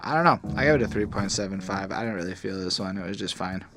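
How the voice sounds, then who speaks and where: A man's voice: low voice, fast talker. A man hosting a podcast, talking through songs in a laid-back, hesitant way. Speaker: podcast host. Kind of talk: casual album review chat.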